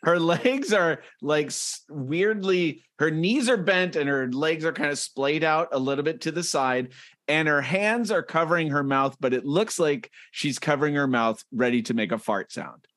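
Animated man hosting a comedy chat. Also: a little high, normal speed, no echo, clean studio sound. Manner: animated, reads comic panels aloud, laughs often. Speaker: podcast co-host.

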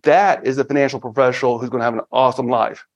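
A man in his fifties talks casually as a podcast guest, with a mid-range voice. He speaks with energy and keeps acting out excited little asides. The audio sounds a little dull and lo-fi. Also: mid-range voice, fast talker. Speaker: podcast guest, finance firm founder. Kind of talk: casual interview talk.

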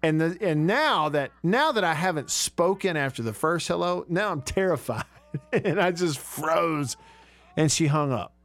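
A man's voice: fairly high pitch, lively intonation, unhurried, a bit bright. A man, hosting a radio talk show and telling stories in a chatty, self-mocking way from a studio. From Alabama. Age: 30s. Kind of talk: casual radio talk and storytelling.

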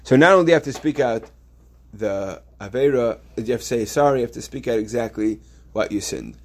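A man's voice: mid-range voice, a little fast. A man teaching a yeshiva Torah class, explaining step by step with many restarts and reading Hebrew texts aloud.

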